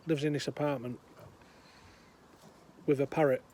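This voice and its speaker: A man's voice: mid-range voice, steady tone, unhurried, darkish tone, a little hiss or hum. An older man with a chatty, meandering manner, telling a long joke outdoors. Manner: meandering, chatty, many fillers. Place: outdoors, windy.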